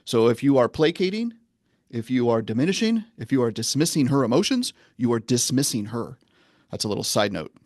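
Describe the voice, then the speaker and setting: A man with a middle-pitched voice talks like a coach laying out a lesson, measured and earnest, slowing down to press his points. The recording is close and dry, with no room sound around him. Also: expressive, darkish tone, no room sound. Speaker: men's coach and guest. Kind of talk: podcast interview, teaching.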